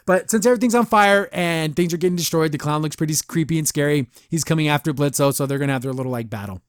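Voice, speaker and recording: A podcast host speaks fast in a slightly high voice, captured in a dry, studio-quality recording. He reviews an episode casually and rambles a lot, laughing frequently and repeating "I don't know."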